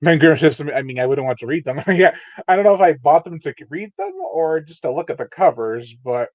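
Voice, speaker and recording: A man's voice: on the high side, fairly quick, a little mellow, dry recording. A man hosting a live unboxing stream, casually reading chat messages aloud and chatting with many fillers. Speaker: channel host. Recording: dull, lo-fi dry home mic.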